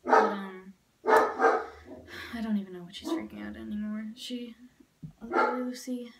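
A woman's voice: fairly high pitch, steady tone, takes it slowly, gravelly, far from the mic, very noisy. A woman vlogging to camera at home, upset and close to tears, rambling, swearing and often dropping to a near whisper. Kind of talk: casual vlog talk to camera. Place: at home in front of a mirror.

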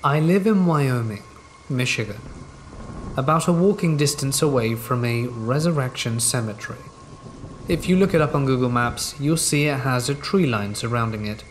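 A man calmly reading a horror story in scripted narration. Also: medium pitch, normal speed. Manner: calm, steady storytelling. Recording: faint rain noise behind voice. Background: rain and thunder ambience.

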